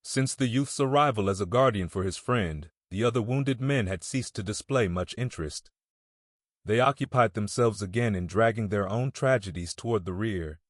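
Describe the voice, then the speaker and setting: A male narrator reads a classic novel aloud in a measured, steady manner. His voice sits low, and the sound is dry and close, with no room around it. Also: no room sound. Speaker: audiobook narrator. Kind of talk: audiobook reading of a classic novel.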